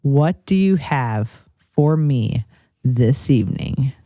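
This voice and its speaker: A woman's voice: very deep voice, lively intonation, slow, dark tone, no echo, clean studio sound. A woman hosting a casual podcast, joking and rambling as she talks, laughing often. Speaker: podcast host. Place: Chicago.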